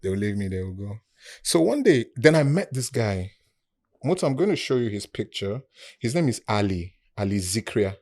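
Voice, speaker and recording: A man from Nigeria with a Nigerian accent, a podcast guest who tells a story in a casual, animated way and acts out the people he quotes. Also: on the low side, normal speed.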